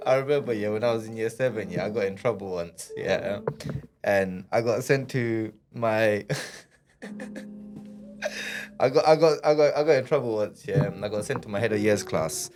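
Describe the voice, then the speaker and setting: A man's voice: lowish voice, moderate pace, over music. A young man telling a story on a podcast, rambling and repeating himself with lots of fillers. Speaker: podcast co-host.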